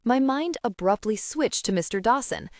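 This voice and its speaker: A woman narrating a first-person audiobook in an expressive, measured way. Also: fairly high pitch, no room sound, studio quality.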